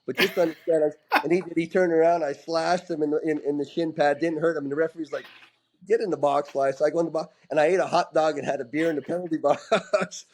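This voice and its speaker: A middle-aged former hockey player guests on a casual interview, animatedly telling rowdy stories full of restarts and casual swearing. His voice is a little high and quick, with hardly any pauses. The recording is low quality with slight background noise.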